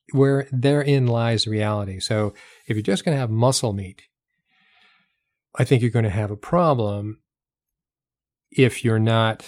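A health talk host selling products speaks emphatically in a casual explanatory style, repeating points for effect and asking rhetorical questions. His lowish, darkish voice sounds dry and close, with no echo.

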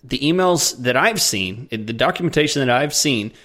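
A man co-hosting a podcast in casual chat, relaxed and easygoing as he explains things plainly. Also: medium pitch, moderate pace. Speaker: podcast co-host.

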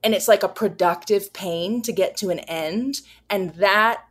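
A woman's voice: mid-range voice, a little slow, husky. A woman co-hosting a podcast, talking earnestly and reflectively in casual chat, with frequent fillers. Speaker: podcast co-host.

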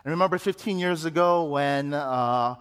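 A man's voice: fairly high pitch, moderate pace, fairly bright tone, clear, resonant tone, big-room sound. A man preaching a sermon as pastor, telling a personal story and building to emphatic rising questions. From Chicago, United States.

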